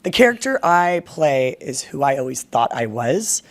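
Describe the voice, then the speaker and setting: Podcast host, mid-pitched voice, chatty and upbeat. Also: very animated, moderate pace. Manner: upbeat, chatty, filler-heavy. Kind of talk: casual podcast conversation.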